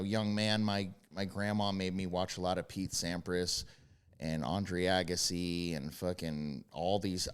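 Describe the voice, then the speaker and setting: A young man, a former quarterback and podcast guest, telling brash, profane stories in casual chat and breaking into yelled impressions. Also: low-pitched, clear, resonant tone.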